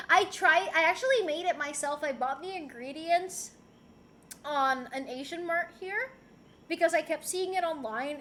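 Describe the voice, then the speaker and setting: A woman's voice: very high voice, sharp tone, a little hiss or hum. A young woman from Rico, chatting casually and playfully on a livestream as she reads and answers chat messages. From Puerto Rico. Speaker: streamer.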